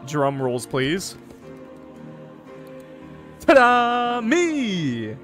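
A man's voice: mid-range voice, lively intonation, unhurried, a bit bright, faint music behind. A man voicing a smug, cocky male guardian angel, reading game dialogue in a playful, sly drawl. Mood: teasing.

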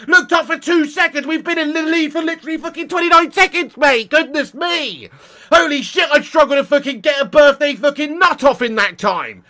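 A man's voice: extremely high pitch, moderate pace, bright, forceful tone. A man ranting and swearing through a live football watchalong, full of exasperated outbursts. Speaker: football fan streamer.

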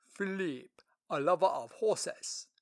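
A man voicing a dignified royal treasurer in an audiobook story, speaking slowly and formally. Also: sits high, darkish tone, dry recording, studio quality, pitched above the performer's own voice. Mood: stately. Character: dignified Ethiopian lord treasurer, courteous older official.

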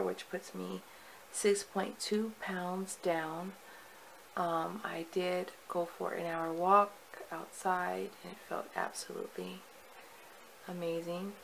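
At home, a woman vlogger records a casual video diary, chatty and rambling with lots of fillers and restarts. Her voice is lowish and gravelly. The audio is poor, with slight background noise.

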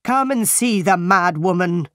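A woman reading as a stern grown man, grave and measured. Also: fairly low pitch, expressive, a bit bright, no echo, clean studio sound. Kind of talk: audiobook character reading.

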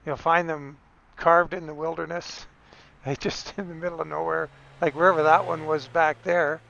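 A man's voice: a little high, flat delivery, normal speed, gravelly, fairly bright tone, muffled recording. A man giving a casual, rambling game tutorial, correcting himself as he goes and chuckling now and then.

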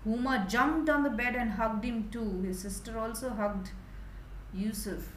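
A woman teacher explaining a story to young children, animated and asking them questions. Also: a little high, unhurried, reverberant, a little hiss or hum, low-quality recording.

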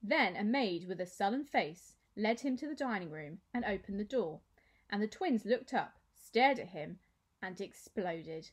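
A woman teacher reading a children's novel aloud with expressive storytelling. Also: medium pitch, measured pace, breathy edge.

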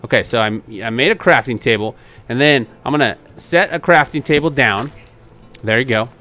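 A man giving excitable gameplay commentary as a channel host, laughing often and coaxing the other players with reassurance. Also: mid-range voice, normal speed, faint music behind.

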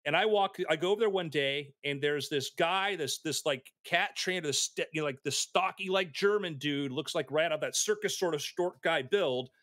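Animated storytelling man, dry close sound. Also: a little high, normal speed, hardly any pauses, no room sound. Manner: animated, acts out voices in anecdotes. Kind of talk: casual storytelling.

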